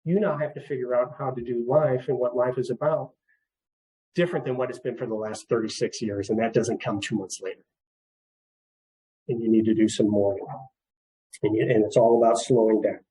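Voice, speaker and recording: A middle-aged man counseling on grief in a seminar talk, gentle and repetitive, with frequent light chuckles. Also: medium pitch, steady tone, normal speed, long pauses, low-quality recording. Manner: gentle, repeats words, chuckles often.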